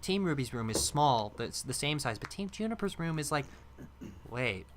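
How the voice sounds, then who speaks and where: A young man co-hosting a podcast in casual chat, animated and laughing, quick to slip into impressions while telling stories. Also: on the high side, slight background noise. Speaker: podcast co-host.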